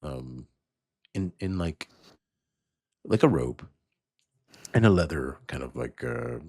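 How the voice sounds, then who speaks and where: A man's voice: very deep voice, animated, takes it slowly, vocal fry, darkish tone, no echo, clean studio sound. A man narrating as game master in a loose, rambling way. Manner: loose, rambling, many fillers.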